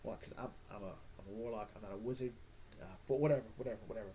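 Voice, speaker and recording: A man's voice: fairly low pitch, very fast, mellow, slightly rough. A man hosting a casual comic book recap, rambling and joking with sarcastic asides. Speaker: comic book podcast host.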